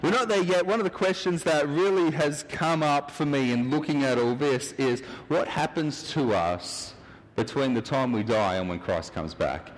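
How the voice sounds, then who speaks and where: A man giving a relaxed, rambling sermon, chatty and joking with his listeners. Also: fairly high pitch, moderate pace. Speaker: preacher. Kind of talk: casual sermon with jokes. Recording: hall reverb with a mic hum.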